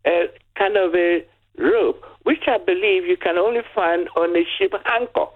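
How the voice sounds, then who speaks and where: A caller in their sixties, telling stories in an animated way on a radio phone-in. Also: mid-range voice, moderate pace. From Nigeria. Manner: animated storytelling. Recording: tinny phone line.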